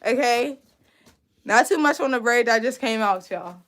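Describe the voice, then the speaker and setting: Chatty high-voiced woman teaching braids. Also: normal speed, a bit bright, slight background noise. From Pittsburgh, USA. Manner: chatty, reads and answers viewer comments, laughs easily. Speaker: braiding instructor hosting a live stream. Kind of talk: casual live-stream tutorial.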